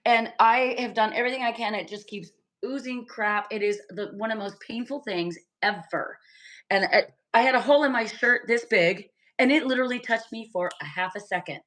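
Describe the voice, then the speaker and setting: A chatty woman in her fifties co-hosts a relaxed talk show and exclaims freely. Her voice sits a little high and sounds bright. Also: a little fast. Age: 50s. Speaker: podcast co-host. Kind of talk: casual chat.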